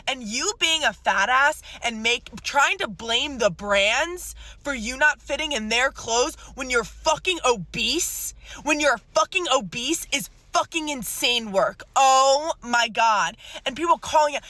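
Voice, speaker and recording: A woman's voice: on the high side, sharp tone, no room sound. A woman ranting furiously and with constant swearing in a video clip. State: livid. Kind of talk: angry rant video.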